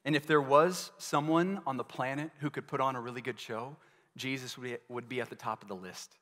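A man's voice: mid-range voice, steady tone, brisk, fairly bright tone. A male pastor delivering a sermon in an earnest manner, asking his listeners many rhetorical questions. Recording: long reverb of a large hall.

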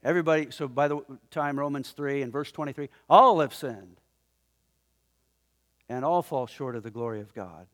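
A man preaching a sermon in a conversational, animated way, often chuckling as he talks to the congregation in the room. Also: medium pitch, moderate pace. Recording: long hall reverb.

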